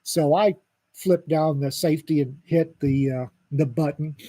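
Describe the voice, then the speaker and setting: Husky-voiced man telling a wry story. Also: a little high, steady tone, a little slow, dark tone, no room sound. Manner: dry, wisecracking storyteller. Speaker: podcast co-host. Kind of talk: casual storytelling chat.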